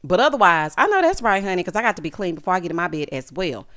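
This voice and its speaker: A woman in her thirties giving a sassy, animated recap of a reality show, calling her viewers honey and child. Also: on the low side, fast. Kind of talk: casual recap commentary.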